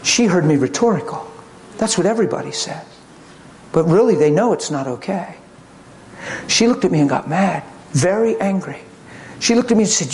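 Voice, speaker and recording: Animated preacher telling a story. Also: male voice, sits high, moderate pace, pauses often, a little hiss or hum. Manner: animated, acts out quotes, swings between loud and hushed. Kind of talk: sermon storytelling.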